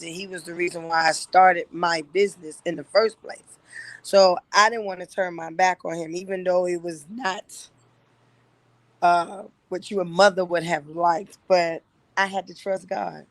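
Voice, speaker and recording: A woman in her fifties giving an earnest, halting personal testimony to her church. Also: lowish voice, steady tone, no echo. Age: 50s. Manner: earnest, halting, with frequent pauses. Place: livestreamed church gathering.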